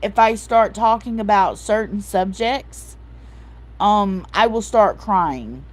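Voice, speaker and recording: A woman in her forties talks slowly and openly to her live chat, leaning on "like" and "um" as she goes. She comes across as soft-hearted and emotional, and now and then she stops to read out and answer a viewer's comment. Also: medium pitch. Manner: repeats herself, fillers like "like" and "um". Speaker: livestream host. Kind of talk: casual live-chat talk.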